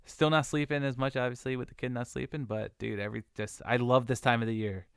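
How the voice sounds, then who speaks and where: Gravelly-voiced young man hosting a podcast. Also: mid-range voice, fast talker, no echo, studio quality. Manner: laughs often, relaxed and easygoing. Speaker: podcast host. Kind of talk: casual chat.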